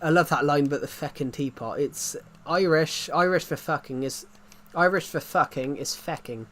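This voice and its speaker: A man's voice: fairly high pitch, moderate pace, a bit bright. A man chatting casually on a livestream, rambling and often restarting his sentences. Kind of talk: casual stream chat.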